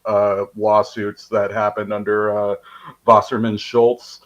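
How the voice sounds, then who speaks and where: A man talking politics in casual chat, blunt and profane, halting with many fillers. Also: lowish voice, flat delivery, rough recording.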